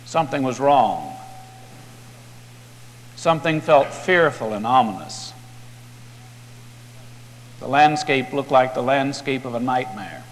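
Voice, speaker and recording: A man's voice: mid-range voice, lively intonation, takes it slowly, long pauses, big-room sound. A man preaching, retelling a story in a dramatic, vivid way.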